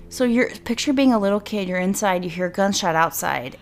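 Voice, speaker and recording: A woman's voice: mid-range voice, animated, a little fast, few pauses, slight background noise. A woman casually retelling a true crime case, rambling and speculating aloud with lots of "like"s. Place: at home with her dog nearby.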